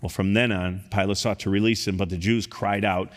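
A man preaching a sermon, reading scripture aloud and rising to loud, emphatic peaks. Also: low voice, steady tone, fairly quick, few pauses, long reverb tail. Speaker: pastor.

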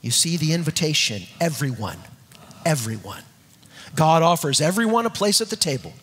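A male preacher with a somewhat high, husky voice delivers an emphatic sermon that leans on repetition. He sinks into soft, low tones for scripture passages. The sound carries a long hall reverb. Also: very animated, fast.

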